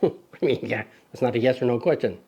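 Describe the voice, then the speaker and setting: A man's voice: medium pitch, fast, a little mellow, dull audio. A man hosting a casual lens review show, playful and jokey, chatting to a toddler sidekick. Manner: playful, jokey, talks to his toddler co-host. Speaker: camera review host.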